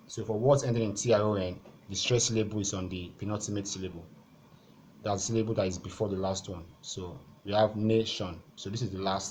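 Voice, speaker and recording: A man with a fairly low voice talks learners through exam questions shown on screen. He is methodical, stating each rule and then repeating the key step so it sticks. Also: a little mellow, slight background noise. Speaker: exam-prep tutor.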